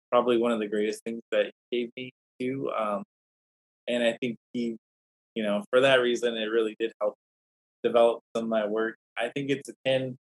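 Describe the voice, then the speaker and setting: A man's voice: medium pitch, low-quality recording. Scholar guest, male, mid-range voice; chatty, meandering anecdotes with false starts. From Native American community. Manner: rambling, anecdotal, many restarts. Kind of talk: podcast interview storytelling.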